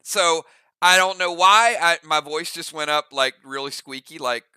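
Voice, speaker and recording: An excited man hosting a gaming channel. He speaks in a very bright, high, smooth voice, laughing often and stumbling over fillers. The recording is dry and close. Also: moderate pace, no echo. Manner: excited, laughs easily, many fillers and restarts. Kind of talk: casual chat.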